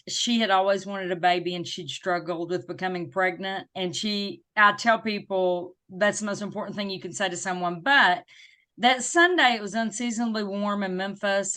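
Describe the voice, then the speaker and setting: Bright-voiced Southern woman telling her story. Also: mid-range voice, moderate pace. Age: middle-aged. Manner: warm, emphatic, faith-filled storytelling. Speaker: guest, disability advocate. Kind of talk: personal storytelling interview.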